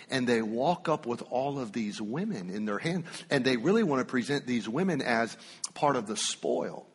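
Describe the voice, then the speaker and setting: A man preaching a sermon, telling a story with animated swings from loud to hushed. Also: medium pitch, husky. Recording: long reverb of a church hall.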